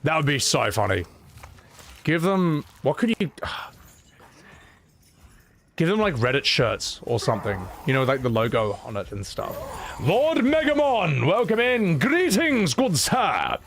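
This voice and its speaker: A man chatting casually on a live stream, excitable and swearing, laughing often and reading viewers' messages aloud. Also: mid-range voice, slow pace, vocal fry, pauses often, a little hiss or hum.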